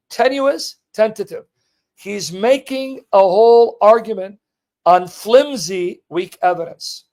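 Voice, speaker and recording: A man's voice: high voice, darkish tone. A man hosting a livestream, reading a passage aloud and commenting on it with emphatic rhetorical questions to his viewers. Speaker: host of a livestream. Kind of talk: live teaching and commentary, reading a text aloud.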